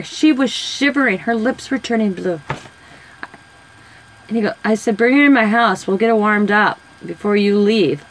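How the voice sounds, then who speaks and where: Woman, 40s, rambling chatty storyteller, casual craft-vlog talk, slightly high voice. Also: unhurried, pauses often, rough recording. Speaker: craft vlogger. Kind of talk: casual chat while coloring.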